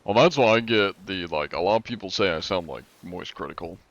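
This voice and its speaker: Low monotone raspy man, muffled. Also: fairly quick. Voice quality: raspy-ish, not smooth. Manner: monotone, heavy on filler words. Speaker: streamer. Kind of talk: casual live-stream chat.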